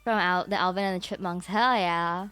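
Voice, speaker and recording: A woman livestreamer chatting casually with her viewers, excitable and animated, swearing freely. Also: lowish voice, normal speed, clean tone, faint music behind. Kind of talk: casual stream chat. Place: home streaming setup.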